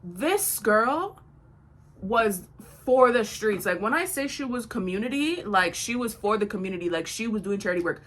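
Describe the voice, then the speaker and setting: A woman in her twenties telling a storytime vlog in a blunt, slangy, animated way. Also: medium pitch, normal speed. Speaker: vlogger.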